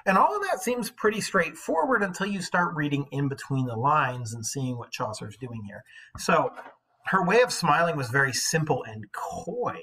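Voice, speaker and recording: A man's voice: fairly high pitch, expressive, moderate pace, sharp tone, slightly rough. A male teacher reading an old poem aloud and stopping for casual, questioning asides.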